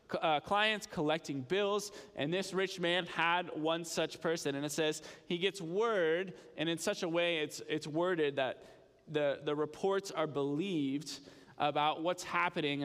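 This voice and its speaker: A young man preaching a sermon in a plain, conversational teaching voice, with small restarts. His voice is pitched a bit high and carries a long reverb from a large room. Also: fairly bright tone, smooth. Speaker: pastor.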